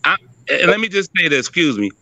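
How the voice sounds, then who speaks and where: Older male co-host, profane emphatic ranter, bright cutting tone, dry close mic. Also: on the high side, quick pace, no room sound. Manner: profane, emphatic, animated rant. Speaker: podcast co-host. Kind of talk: heated casual talk.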